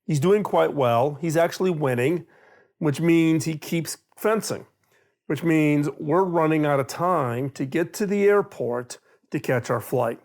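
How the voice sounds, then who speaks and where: Middle-aged guy, gravelly voice, animated storyteller doing a talk. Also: fairly high pitch, unhurried. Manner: animated storyteller, acts out quoted dialogue. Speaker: speaker on innovation.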